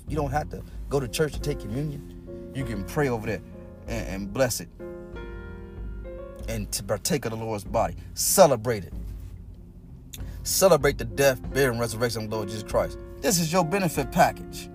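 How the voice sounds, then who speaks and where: A man preaching a sermon, folksy and repetitive, swinging from loud exhortation to low, close talk. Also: lively intonation, moderate pace, pauses often, music in the background. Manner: folksy, repeats phrases, speaks in tongues.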